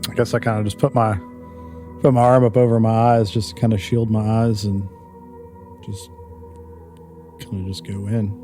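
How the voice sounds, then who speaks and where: A man's voice: fairly low pitch, little pitch movement, moderate pace, long pauses, dark tone, faint music behind. A man playing a tabletop game, talking hesitantly and casually. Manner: hesitant, casual, many fillers. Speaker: player.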